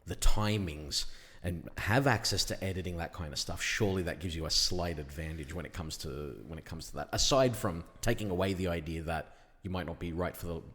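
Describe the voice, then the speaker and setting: Very deep-voiced male host. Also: a little fast, few pauses, fairly bright tone. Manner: conversational, draws out the guest with questions. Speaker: podcast host. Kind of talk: casual interview chat. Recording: echoey reverberant room.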